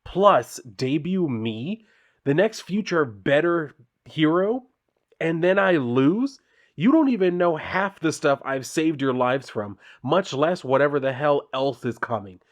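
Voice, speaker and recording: A hot-headed young superhero rants, loud and indignant, as a man reads the comic lines aloud. The voice sits higher than a plain talking voice and gets louder as the complaints pile up. It is a comic-book reading, not a full performance. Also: expressive, a little slow.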